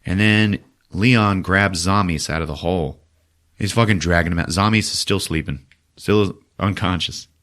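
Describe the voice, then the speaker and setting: A man hosting a podcast, giving a profane, animated comic retelling of a movie. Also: low voice, normal speed. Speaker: podcast host.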